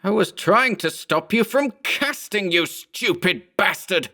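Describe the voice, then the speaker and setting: A man voicing a panicked, furious balding thirty-year-old man who shouts and swears frantically. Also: sits high, big pitch swings, a little fast, voice pushed up, exaggerated voice. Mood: frantic yelling.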